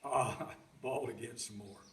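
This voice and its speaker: A man's voice: medium pitch, moderate pace, slight background noise. An older man telling a folksy story in a homespun, rambling way, often repeating his words. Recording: roomy sound from a distant mic.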